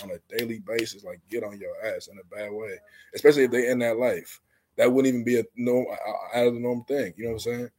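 A man with a husky voice swaps stories on a casual podcast. His pitch sits mid-range. He talks in heavy slang and breaks into loud exclamations.

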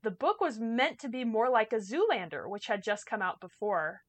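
A woman's voice: fairly high pitch, big pitch swings, moderate pace, dry recording. Chatty woman co-host, dry close sound. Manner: chatty, laughs easily, explains background. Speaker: podcast co-host. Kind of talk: casual movie chat.

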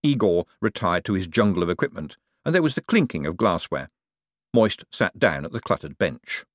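Man narrating an audiobook, low and expressive. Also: moderate pace, dry recording, studio quality. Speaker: audiobook reader.

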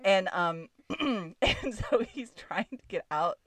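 Animated, laughing woman telling a story. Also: mid-range voice, slow pace, no echo. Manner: animated, laughing often mid-sentence. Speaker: podcast co-host. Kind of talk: casual storytelling chat.

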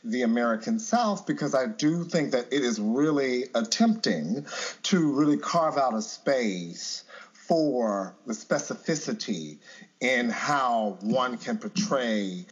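A man as podcast co-host, talking in an opinionated, emphatic, animated way in casual chat. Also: medium pitch, slow pace, dull audio.

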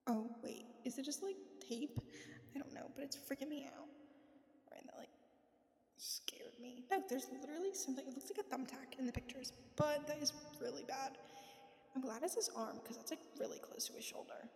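A woman's voice: high voice, brisk, a little mellow, reverberant, long reverb tail. A woman chatting casually into her phone while lying in bed, rambling and swearing, often dropping to a whisper. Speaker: podcast host.

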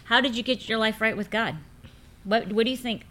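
Bright-voiced middle-aged woman hosting. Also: fairly high pitch, fairly even intonation, a little fast. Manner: leading questions, upbeat, addresses listeners directly. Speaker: host. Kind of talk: casual faith talk.

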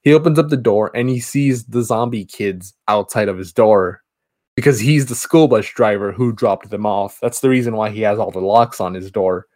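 A man's voice: lowish voice, moderate pace, darkish tone. Rambling man retelling a movie plot. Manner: rambling retelling with many restarts. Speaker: podcast co-host. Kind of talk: casual movie review chat.

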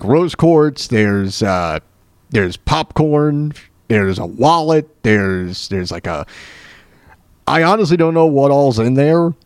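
A male radio host chatting on his own show in a loose, rambling way, often circling back and restarting his sentences. His pitch swings freely up and down, and the sound is dry and close, with no room around it. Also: a little mellow, dry recording. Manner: rambling, with many restarts and fillers. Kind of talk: casual solo radio talk.

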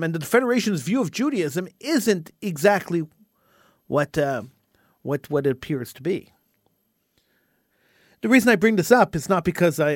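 On his talk radio show, a man with a high, lively voice delivers an impassioned, indignant monologue, tripping over repeated words as he builds steam. The sound is dry and close, with no room or echo around it.

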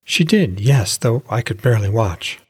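A caring young innkeeper woman tends her hurt lover, gentle yet firm as she scolds him to rest, as a man puts her on. Her voice sits a little higher than the reader's own, husky and dry, close to the mic. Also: lively intonation, normal speed, dry recording.

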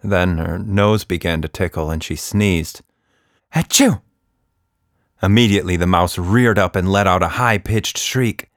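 A man reading a children's story aloud with expressive narration. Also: sits low, moderate pace, few pauses, dry recording, studio quality.

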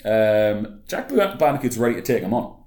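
A man's voice: on the low side, very animated, moderate pace, darkish tone, reverberant. A man co-hosting a casual podcast chat, laid-back and sweary. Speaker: podcast co-host. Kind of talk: casual chat about wrestling.

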